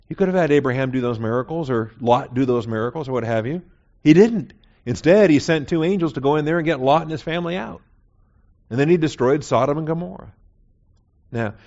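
A man's voice: medium pitch, darkish tone, muffled recording. A man teaching a Bible class in a conversational sermon style, often checking in with "okay?". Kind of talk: sermon lecture.

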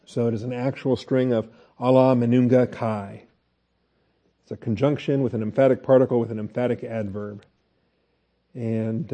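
A man teaches a Bible class in a loose, conversational way, checking in with his listeners and often restarting his sentences. His voice is very dark and mellow. The recording sounds dull and lo-fi. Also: mid-range voice. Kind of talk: Bible study lecture.

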